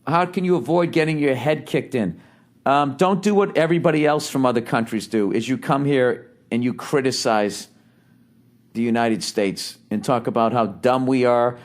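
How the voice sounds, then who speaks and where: A man hosting a podcast, giving comedic advice in a blunt, swearing, rambling rant. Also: medium pitch. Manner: blunt and profane, lots of swearing; loose and rambling, with fillers and restarts. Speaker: podcast host answering a listener's letter.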